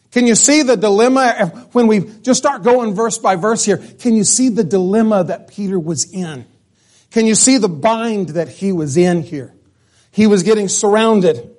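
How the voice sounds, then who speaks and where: A man preaching a sermon, emphatic, sometimes dropping to a hush, and often restarting his words. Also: sits high, measured pace. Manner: emphatic, drops to a hush for dramatic lines.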